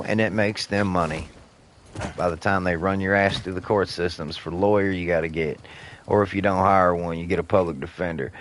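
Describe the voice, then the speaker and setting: A man's voice: deep voice, a bit bright. A man giving heated, profane, rambling commentary while he plays a video game. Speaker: gaming streamer.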